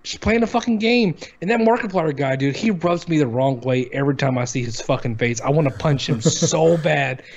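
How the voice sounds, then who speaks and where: A man's voice: fairly high pitch, fairly quick, vocal fry, few pauses. A man in his thirties co-hosting a casual chat show, talking bluntly, dismissively and with a lot of swearing. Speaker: podcast co-host. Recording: dull lo-fi audio.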